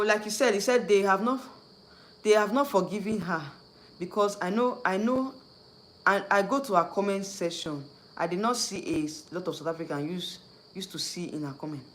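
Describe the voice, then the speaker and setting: A man's voice: high voice, fairly bright tone, slight background noise. A man with a Nigerian accent hosting a casual livestream, rambling and repeating himself, slipping in and out of Nigerian Pidgin. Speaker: YouTube host.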